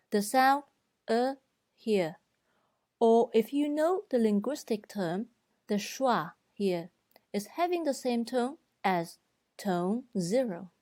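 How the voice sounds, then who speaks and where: A female Mandarin teacher narrates a beginner's lesson very slowly and carefully, her slightly high voice a little mellow. She speaks deliberately and clearly, demonstrating each tone. The close recording is dry, with no room sound.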